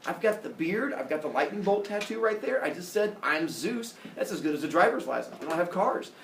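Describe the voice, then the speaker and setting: A man's voice: sits high, lively intonation, fairly quick, fairly bright tone, a little hiss or hum. A man voicing an indignant, boastful male god in an exaggerated comic way, in an echoey classroom heard from far off. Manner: blustering, exaggerated comic delivery.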